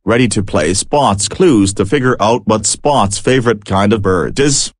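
A man hosting a children's show, gently asking young viewers questions and encouraging them. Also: fairly low pitch, unhurried, husky, faint music behind.

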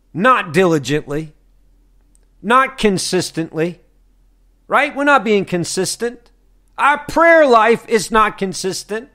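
A man delivers a fervent broadcast sermon, his voice high and swinging widely in pitch. He preaches at an unhurried, deliberate pace, firing repeated questions at his listeners. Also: fairly bright tone.

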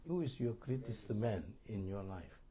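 A man's voice: on the low side, lively intonation, unhurried, dark tone. A middle-aged man with a Korean accent, a pastor teaching a marriage course in sermon style, emphatic and repetitive, often checking that listeners understand.

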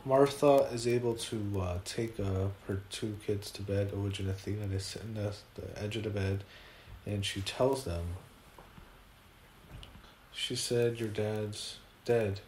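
A man giving a casual spoken review, retelling events haltingly with many fillers and restarts. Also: on the low side, fairly even intonation, darkish tone, roomy sound, slight background noise.

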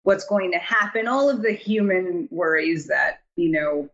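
A woman, a writer and director, chatting as a podcast guest and telling a story with lively quoted voices. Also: lowish voice, unhurried, lo-fi sound. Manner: chatty, acts out quoted voices, frequent fillers. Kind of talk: casual interview storytelling.

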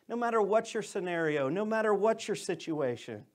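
A man with a high-pitched voice preaching in a church. He moves from loud, emphatic lines to quiet, hushed scripture reading. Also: moderate pace. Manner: animated preaching, swings from loud to soft. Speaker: pastor. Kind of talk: sermon.

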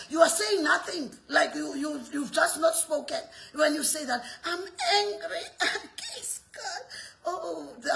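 A woman preacher delivering an impassioned sermon, shouting and repeating her lines with rhetorical questions. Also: high-pitched, creaky.

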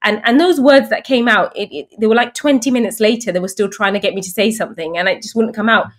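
Her pitch is medium and she speaks fast: she's an English woman in her thirties, a guest recounting stories over casual chat. Animated throughout, she imitates the voices of the people in her tales.

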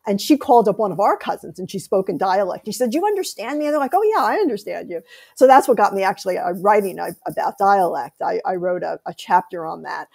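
A middle-aged woman, an author interviewed as a guest, telling family stories in an animated way and laughing often. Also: on the low side, creaky, husky. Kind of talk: conversational interview.

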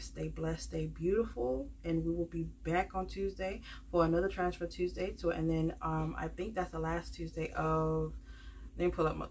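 A woman with a low, deep-set voice talks loosely to her viewers in a vlog. She rambles from thought to thought with plenty of ums and likes, and keeps turning to the audience as "y'all." Faint noise hums under her voice. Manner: rambling, many fillers, calls viewers "y'all". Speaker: budgeting vlogger. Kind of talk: casual chatty vlog to viewers.

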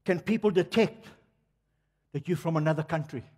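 An older South African man preaches a sermon in a church hall, speaking directly to the congregation and firing off rhetorical questions. His voice sits on the high side, a little mellow, at a moderate pace. The long reverb of the hall fills the recording.

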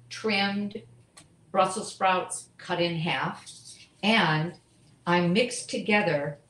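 A woman's voice: lowish voice, reverberant, low-quality recording. A woman teaching a live online cooking class from her home kitchen, chatting and making asides as she cooks.

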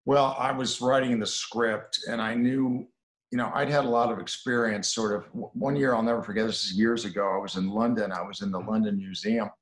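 A middle-aged man, a film director, telling anecdotes in an interview and dropping to a low murmur on asides. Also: fairly bright tone. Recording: roomy echo.

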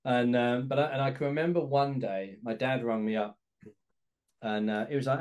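A man's voice: mid-range voice, fairly quick, a little mellow. A man, hosting a podcast and candidly telling a personal story, acting out phone calls with his dad. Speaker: podcast host.

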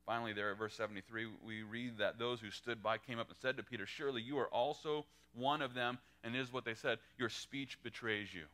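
Man, pastor, sermon, lively delivery, bright clear voice. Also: fairly quick, hardly any pauses. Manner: animated, acts out quoted lines with pitch jumps. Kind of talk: verse-by-verse sermon.

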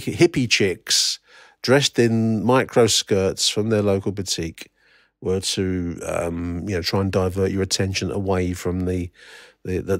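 A man's voice: fairly low pitch, no echo, studio quality. A middle-aged man from England hosting a solo podcast, talking in a wry, rambling way full of fillers and restarts. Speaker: podcast host. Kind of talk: casual solo podcast commentary.

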